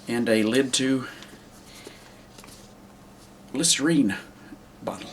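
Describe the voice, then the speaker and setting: A man who makes puppets, showing his creations in a casual, rambling way with many pauses and restarts. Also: medium pitch, slight background noise. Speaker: puppet maker. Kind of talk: casual show-and-tell.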